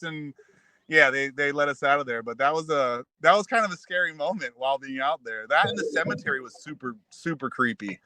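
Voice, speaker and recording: A man guest on a live talk show, telling stories with lots of restarts in a casual, animated way. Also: on the high side, quick pace, no echo, rough recording. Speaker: musician guest. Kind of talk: casual chat.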